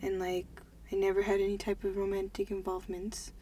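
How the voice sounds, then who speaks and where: A woman's voice: mid-range voice, monotone, brisk, slight background noise. Twenties woman, casual podcast co-host, thinks aloud, plenty of "like". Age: 20s. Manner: chatty, lots of "like", thinks out loud.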